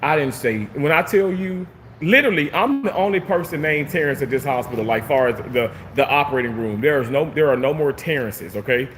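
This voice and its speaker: Animated man venting on a break. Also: on the high side, fairly quick, big-room sound, slight background noise. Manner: animated, swears freely, repeats phrases. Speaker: vlogger reading live chat. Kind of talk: casual venting monologue.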